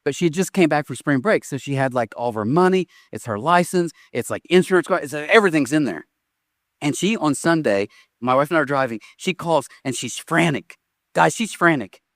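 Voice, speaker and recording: A man in his forties, a pastor, preaching a sermon with lively storytelling that swings between raised, excited phrases and quiet, soft endings. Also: fairly high pitch, a little fast, no echo, clean studio sound. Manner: animated storytelling with sudden rises and soft drops. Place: church stage.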